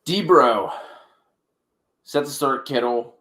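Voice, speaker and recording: A man hosting a fantasy football live stream, reading out viewer questions in quick lists. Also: medium pitch, lively intonation, sharp tone, reverberant. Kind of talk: casual live-stream chat.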